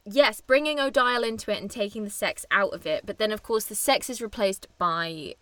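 A woman's voice: mid-range voice, a little fast, pushed and bright, no echo. A young adult woman co-hosting a podcast, talking casually and animatedly about a film, laughing often. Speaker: podcast co-host.

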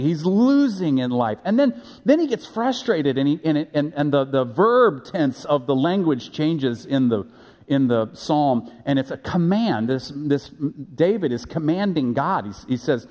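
Male pastor, earnest sermon delivery with emphatic rises, higher-pitched voice, reverberant sanctuary. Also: lively intonation, darkish tone. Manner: earnest, building to emphatic high-pitched peaks with halting restarts. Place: church sanctuary. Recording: echoey church hall.

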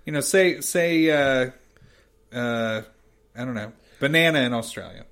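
A man's voice: mid-range voice, measured pace, a bit bright. A man co-hosting a casual chat, upbeat and chatty with hesitant starts. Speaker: podcast co-host.

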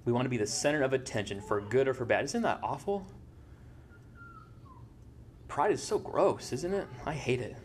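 A man's voice: mid-range voice, animated, normal speed, long pauses, slight background noise. A man preaching a sermon as pastor, in a conversational way, often checking in with "right?". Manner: conversational, tags points with "right?".

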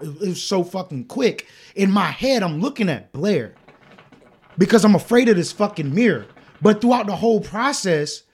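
High-voiced man telling a story. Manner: animated storytelling, acting out quotes, frequent swearing. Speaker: podcast co-host. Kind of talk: casual chat.

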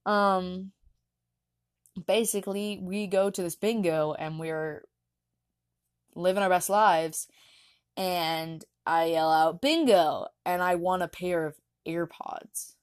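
A woman's voice: on the low side, level tone, slow, long pauses, clear, resonant tone, no echo, clean studio sound. A young woman casually telling a rambling personal story, often laughing and restarting her sentences. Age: young adult. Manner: rambling, giggly, lots of fillers and restarts. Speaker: vlogger.

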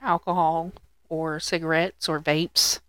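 A woman's voice: sits low, level tone, unhurried, a bit bright, no echo, clean studio sound. A woman co-hosting a podcast in casual chat, teasing and laid-back. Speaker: podcast co-host.

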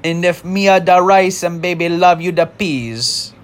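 A man putting on a mock Jamaican accent as a smooth-talking male lover, reciting song lyrics in a sing-song way. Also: high-pitched, unhurried, pitched above the performer's own voice. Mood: playful.

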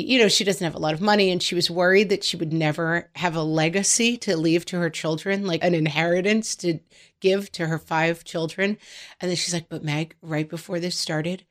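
A middle-aged woman co-hosting a podcast, telling family stories in an animated, chatty way. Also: on the low side. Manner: animated storytelling, quoting family members in voices. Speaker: podcast co-host. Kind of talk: casual podcast chat.

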